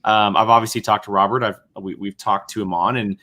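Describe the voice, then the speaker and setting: A young man hosting a podcast panel, leading the chat in a relaxed way with fillers. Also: lowish voice, brisk. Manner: relaxed, leads the discussion with fillers. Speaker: podcast host. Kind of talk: casual chat.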